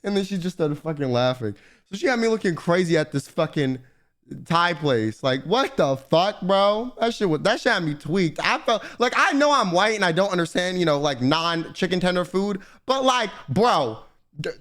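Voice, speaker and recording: Young guy streamer, profane animated storyteller, bright high pitch, very lively delivery. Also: moderate pace. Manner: animated ranting storytelling, heavy swearing. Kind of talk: casual chat to stream chat.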